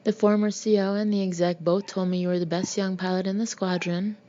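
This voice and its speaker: A woman reading the part of a gruff middle-aged male Marine colonel who speaks harshly and bluntly. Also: medium pitch, little pitch movement, fairly quick, dark tone, lightly acted. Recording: dull lo-fi recording.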